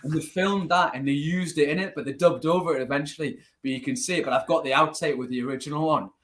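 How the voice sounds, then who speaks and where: Animated Geordie man telling stories. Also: fairly high pitch, fast talker. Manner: storytelling, animated, laughs easily. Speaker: guest, martial arts teacher. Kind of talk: casual interview.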